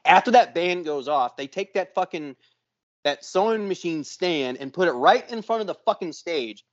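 A man with a slightly raised voice co-hosts a casual podcast. He tells a long, lively story and swears freely all the way through. The recording sounds dull and lo-fi. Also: a little high, normal speed. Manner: profane, animated storyteller. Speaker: podcast co-host.

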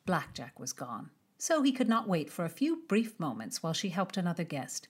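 A woman narrating an audiobook in a measured, expressive storytelling manner. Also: fairly low pitch, husky. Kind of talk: scripted narration of a historical romance.

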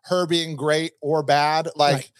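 A man's voice: on the high side, flat delivery, slow pace, clean tone, no room sound, clean studio sound. A man co-hosting a casual chat, rambling and hedging his points as he goes. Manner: rambling, hedging, frequent restarts. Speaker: podcast co-host.

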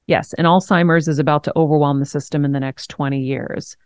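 A woman in her forties hosting a podcast, telling a personal story in a frank, animated way, laughing now and then. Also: deep voice, a little fast, clean tone, no room sound. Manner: frank, animated, swears and laughs while telling hard news. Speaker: host. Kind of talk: candid conversational storytelling.

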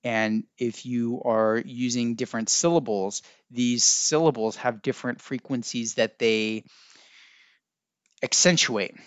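A man's voice: medium pitch, fairly even intonation, a little slow, smooth, dry recording. A man hosting a solo podcast, talking in a musing, teacherly way that keeps correcting itself. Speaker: podcast host. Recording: dry, dull lo-fi sound.

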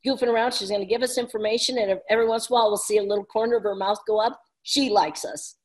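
A woman business coach in casual conversation, talking fast and energetically and laughing often. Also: mid-range voice, steady tone.

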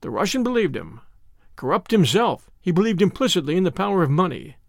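A man narrating a novel in measured storytelling. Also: high voice, sing-song, vocal fry, no room sound, clean studio sound. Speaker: audiobook narrator. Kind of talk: scripted narration.

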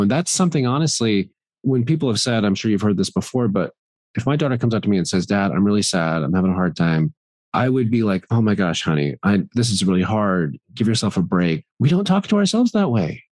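Lively middle-aged man, candid and animated. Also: mid-range voice, no echo. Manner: animated, laughs often, acts out quoted voices. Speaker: guest. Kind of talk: candid podcast conversation.

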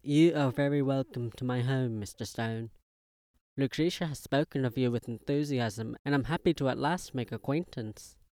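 An actor playing an ancient, grotesque old uncle who speaks a heavily accented, halting, formal English in an audio drama reading. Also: male voice, mid-range voice, darkish tone, dry recording, studio quality, close to an everyday voice. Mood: unctuous. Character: ancient grotesque old uncle, lonely, oozing false charm.

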